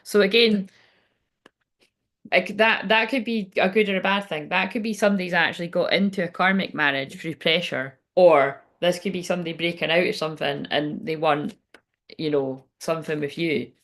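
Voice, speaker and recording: A woman's voice: on the low side, steady tone, moderate pace, fairly bright tone. Rambling woman giving a tarot reading. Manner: rambling, swears freely, digresses. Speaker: tarot reader.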